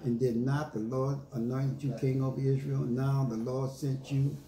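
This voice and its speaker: A man's voice: medium pitch, little pitch movement, moderate pace, dark tone. A man preaching a sermon, reading scripture aloud and retelling it in emphatic street slang, with listeners answering him. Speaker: pastor. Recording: echoey room with faint ambience.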